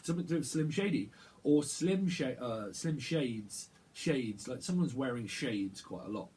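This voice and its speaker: Male tarot reader, channeled reading, rambling, halting delivery with lots of repeats, average pitch. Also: expressive, darkish tone.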